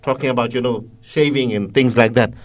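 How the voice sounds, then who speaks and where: A man conducting an interview, speaking in a measured, earnest way with frequent fillers. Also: medium pitch, steady tone. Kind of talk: interview questions and religious reflection.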